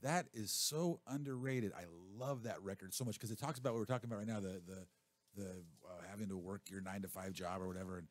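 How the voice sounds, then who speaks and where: Man, drummer guest, casual radio chat, easygoing, low voice, dry sound. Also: fast, no echo. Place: radio studio.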